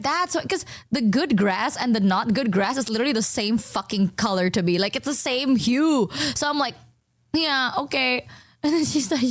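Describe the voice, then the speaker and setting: Young female streamer, casual and swearing, voices the other people in her stories, slightly high voice, dry close sound. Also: dry recording. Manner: animated, swears a lot, acts out dialogue in higher voices.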